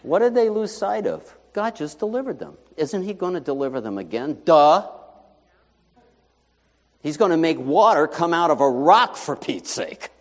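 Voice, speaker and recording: A man preaching a sermon as pastor, in a conversational, animated way full of rhetorical questions. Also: a little high, moderate pace, big-room sound.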